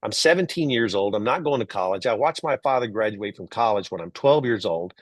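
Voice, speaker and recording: Animated Texan storyteller, middle-aged man. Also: lowish voice, fairly quick, no echo. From Texas. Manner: animated storyteller, acts out quoted voices. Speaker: guest, entrepreneur and author. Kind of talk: storytelling interview.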